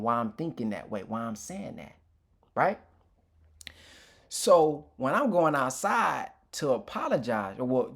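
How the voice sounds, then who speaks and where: A man's voice: mid-range voice, fairly bright tone. Candid man telling his life story. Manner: candid, informal, with frequent restarts; emotional, reflective. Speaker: motivational speaker. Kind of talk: personal testimony talk.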